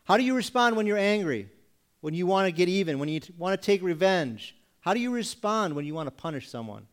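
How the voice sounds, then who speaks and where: An expressive male pastor, his voice slightly higher, preaches by asking the room pointed rhetorical questions and pausing after each. At times he mockingly slips into other people's voices from the congregation to make a point.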